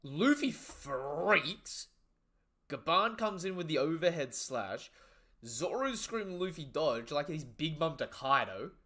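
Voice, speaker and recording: A young man giving casual live reaction commentary, excitable and slangy, swearing freely and trailing off into low asides. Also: normal speed.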